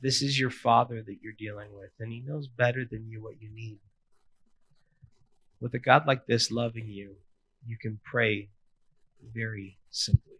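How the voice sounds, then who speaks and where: A man in his thirties preaches in a relaxed, conversational way. He slips into playful asides. His voice sits at an ordinary middle pitch. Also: unhurried, long pauses, no echo, rough recording. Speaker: pastor. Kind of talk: sermon.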